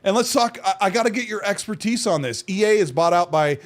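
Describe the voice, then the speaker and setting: Brief: man podcast host, slightly higher voice, defensive, keeps restarting lines. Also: lively intonation, fast talker. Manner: defensive, restarting and talking over. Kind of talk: casual podcast banter.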